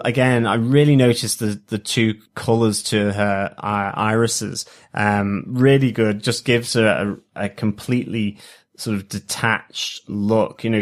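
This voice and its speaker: Eager man gushing over a show. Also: on the low side. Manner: enthusiastic, restarts often. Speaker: podcast co-host. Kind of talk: casual review chat.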